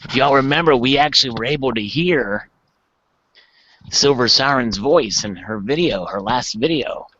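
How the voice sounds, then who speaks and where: A man's voice: mid-range voice, lively intonation, normal speed, fairly bright tone. A man from the Washington DC area hosting a casual live hangout, upbeat and reading the chat aloud. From greater Washington DC area. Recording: dull lo-fi online call audio.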